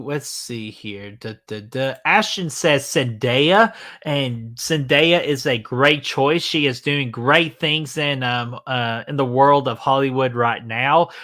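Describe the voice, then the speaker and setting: Bright-voiced man hosting a casual stream. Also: mid-range voice. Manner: loose, joking, swears freely, many fillers. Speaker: livestream host. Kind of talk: casual live-stream chat reading comments.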